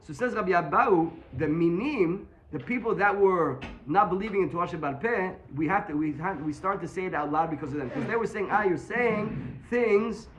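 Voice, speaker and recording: A man teaching a Talmud class, explaining quickly and mixing Hebrew terms into his English. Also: sits high, animated, a bit bright, slight background noise.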